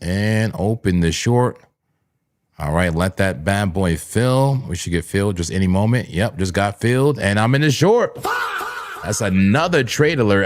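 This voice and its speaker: Low-voiced hyped crypto stream host. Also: male voice. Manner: hyped, playful, with sudden high excited bursts. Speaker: livestream trading host. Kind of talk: live-streamed trading commentary.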